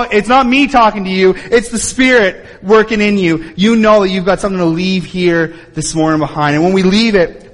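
A man's voice: high voice, big-room sound. A man preaching a sermon as pastor, earnest, with rising and falling emphasis. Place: church sanctuary.

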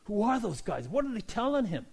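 A man playing a startled old wife, with a high, shrill and loud voice. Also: sing-song, a little fast, gravelly, breathy edge, full character voice. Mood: puzzled.

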